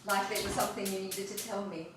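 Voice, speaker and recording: A woman's voice: medium pitch, steady tone, brisk, far from the mic, noisy background. Chatty woman in an echoey kitchen. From South Africa. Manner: chatty, rambling, laughs easily. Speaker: home cook hosting a cooking video. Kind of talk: casual cooking demonstration and chat. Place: home kitchen. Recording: echoey room, voice away from the mic.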